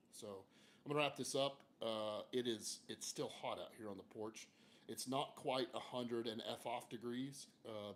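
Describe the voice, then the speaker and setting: A man's voice: lowish voice, a little hiss or hum. Folksy, frank man on a porch. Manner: folksy, frank, mild cursing, many fillers. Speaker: therapist hosting a livestream. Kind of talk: casual livestream talk. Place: outdoor porch, hot, under a fan.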